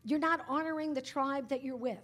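A woman's voice: sits high, a little fast, fairly bright tone. A woman humorist giving a conversational, story-filled lecture to a live audience, often tagging her points with asides. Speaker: humorist giving a public talk. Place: lecture hall at a writers' workshop.

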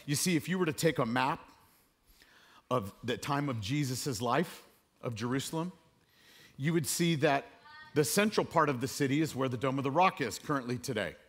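A man preaching a sermon to a room, dropping to a hush and then rising loud and high. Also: normal speed. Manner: dramatic swings between hushed and loud, preaching to a room. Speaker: pastor.

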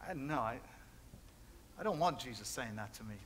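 A man's voice: medium pitch, animated, moderate pace, a little hiss or hum. A man pastor preaching a conversational sermon in a church, building points through repetition and chatty asides. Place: church sanctuary.

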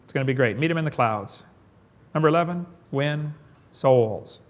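A man with a Southern US accent preaching a sermon in a folksy, joking way, swinging between loud and soft. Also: medium pitch, animated, normal speed. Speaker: evangelist preacher.

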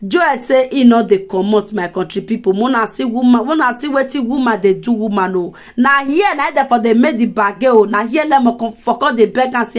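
A woman's voice: a little high, a little fast, hardly any pauses. A woman with a Nigerian accent giving casual gossip commentary, chatty and often laughing as she speaks straight to her viewers.

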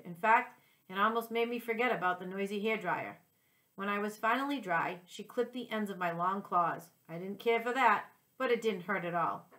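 A woman reading a children's chapter book aloud as a teacher, in a gentle and clear storytelling voice. Her pitch sits in a middle range, and she corrects the occasional slip as she goes. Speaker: second-grade teacher.

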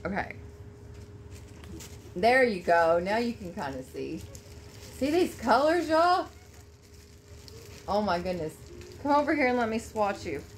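A woman vlogger chatting to camera at home while unboxing a gift, gushing and excitable. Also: mid-range voice, unhurried, pauses often, slight background noise. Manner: gushing, excitable, Southern-style "y'all". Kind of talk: casual chat to camera.

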